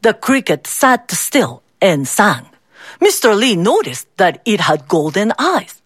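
A woman reading a folk tale aloud as a storybook, slowly and expressively. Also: mid-range voice, husky, dry recording, studio quality. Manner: slow, expressive, switches into character voices.

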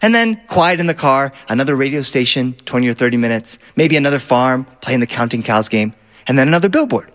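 A man telling a family story live to an audience, animated and acting out the voices. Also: fairly high pitch, a little fast.

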